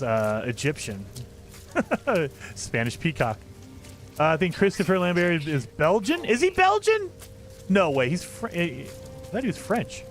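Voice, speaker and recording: A man with a high-sitting, fairly bright voice streams a video game, rambling enthusiastically in casual chat while he plays and frequently laughing at himself.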